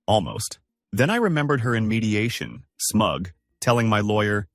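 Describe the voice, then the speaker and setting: A man narrating scripted first-person stories in a dry, measured, wry way. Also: lowish voice, sing-song, no room sound. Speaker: storyteller.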